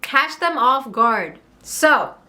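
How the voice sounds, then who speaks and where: A young woman from Montreal telling a candid, heated storytime on her vlog, swearing and rushing through asides. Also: high voice, lively intonation, pushed and bright. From Montreal, Canada. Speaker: vlogger.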